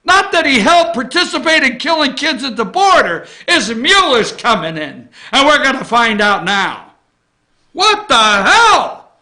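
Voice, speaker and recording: A man hosting a morning opinion show, ranting about politics and swinging between loud outraged shouts and low muttered asides. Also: big pitch swings, moderate pace, few pauses.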